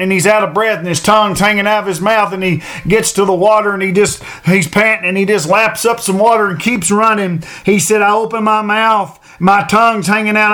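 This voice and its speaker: A male preacher giving a sermon, earnest, repeating phrases for emphasis and slowing down to read verses aloud. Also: high-pitched, a bit bright. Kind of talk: sermon on a Bible passage.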